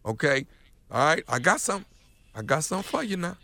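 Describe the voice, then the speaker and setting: A man's voice: on the high side, sing-song, fast, vocal fry, bright, forceful tone, dry recording. A man hosting on a radio show, hyped and teasing as he plugs a comedy event. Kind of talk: radio show banter and promo.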